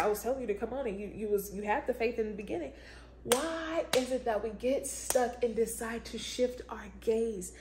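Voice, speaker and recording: A woman's voice: on the high side, darkish tone. Emphatic woman musing on faith, echoey room. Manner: exclamatory, breaks into praise, informal and emphatic. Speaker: vlogger, show host. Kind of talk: casual faith-based reflection. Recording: echoey room with faint ambient noise.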